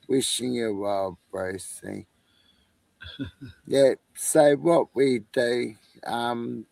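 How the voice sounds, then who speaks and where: A man's voice: mid-range voice, creaky, no echo. A man with an Australian accent, chatting on a live stream in a laid-back, rambling way, swearing and chuckling often. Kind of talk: casual rambling chat.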